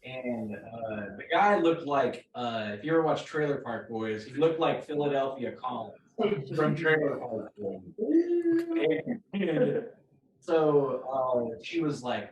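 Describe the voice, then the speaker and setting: A man's voice: medium pitch, very animated, takes it slowly, a little hiss or hum. A young man, a rock band member, casually telling a road story with lots of fillers, restarts and laughs. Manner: rambling, full of fillers and restarts, laughing at his own story. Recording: roomy echo, mic at a distance.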